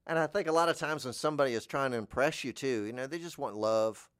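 A man hosting a podcast, musing in a meandering deadpan monologue that trails off into mumbles. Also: fast talker, clear, resonant tone, no room sound, clean studio sound. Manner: jumps into high squeaky voices for imagined speakers. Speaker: podcast host. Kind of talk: rambling comic monologue.

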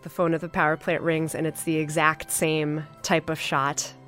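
A woman hosting a podcast, reviewing an episode in a casual, enthusiastic way with many fillers and pauses. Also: sits low, little pitch movement, a bit bright, faint music behind. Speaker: podcast host.

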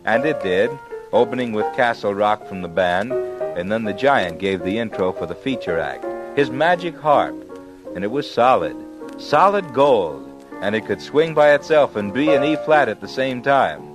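A man's voice: fairly low pitch, animated, moderate pace, music in the background, poor audio. A man telling a fairy tale in laid-back jazz slang on an old comedy record. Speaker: narrator. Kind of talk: comic hipster storytelling.

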